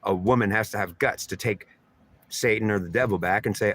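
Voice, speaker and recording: A man's voice: fairly low pitch, expressive, fairly quick, fairly bright tone, no echo. A man delivering a rambling, repetitive spiritual monologue in an emphatic, stream-of-consciousness way. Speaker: channeler giving spiritual messages.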